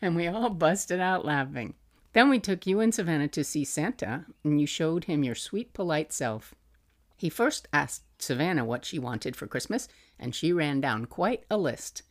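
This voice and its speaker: A middle-aged woman, a podcast host, fondly reading aloud from a journal she kept for her young son, with soft laughs. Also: sits low, lively intonation, moderate pace.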